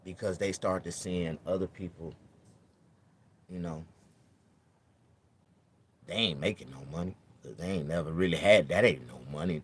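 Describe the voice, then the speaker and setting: A man delivering a comedic vlog monologue in an RV, excitable and swearing constantly. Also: low voice, moderate pace, long pauses, a little hiss or hum.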